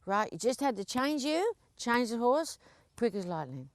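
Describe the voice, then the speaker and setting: A woman instructor coaching a live riding lesson, chatty and encouraging, often breaking into laughs. Her voice sits a little high, and the sound is close and dry. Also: sing-song, moderate pace, no echo.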